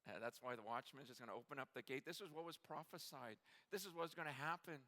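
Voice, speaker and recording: Impassioned preacher, man, forceful voice. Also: medium pitch. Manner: impassioned, swinging from hushed to near-shouting; halting restarts when moved. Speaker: conference preacher. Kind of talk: sermon.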